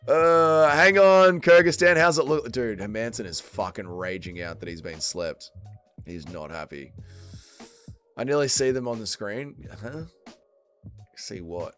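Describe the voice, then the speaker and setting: A man's voice: mid-range voice, a little slow, fairly bright tone, soft background music. A man hosting a fight watch-along stream, swearing a lot and bantering with his chat. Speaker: livestream host.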